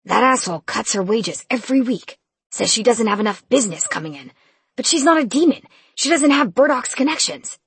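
A woman's voice: medium pitch, lively intonation, a little fast, vocal fry, husky, dry recording, heavily acted. A woman reading as a sullen teenage boy. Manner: groggy, offhand.

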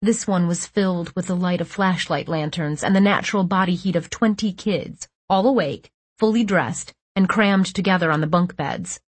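Husky woman narrating tensely. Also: fairly low pitch, no echo. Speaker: audiobook narrator. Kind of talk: scripted first-person narration.

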